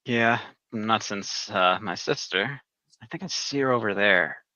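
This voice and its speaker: A man's voice: lowish voice, normal speed, bright, forceful tone, no room sound. A man playing his character in a tabletop game, talking in a casual, hesitant way. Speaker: player. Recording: dull lo-fi mic.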